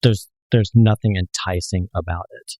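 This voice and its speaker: Man, dating coach, calm and explanatory, mellow voice, dry close recording. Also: deep voice, normal speed, dry recording, rough recording. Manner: calm, explanatory, tells personal stories. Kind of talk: casual chat.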